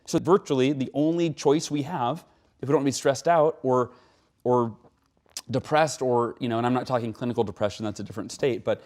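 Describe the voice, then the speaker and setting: Animated man telling a story. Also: fairly quick. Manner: animated, acts out quotes with rising pitch; frequent "right?" tags. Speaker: guest speaker. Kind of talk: conversational interview.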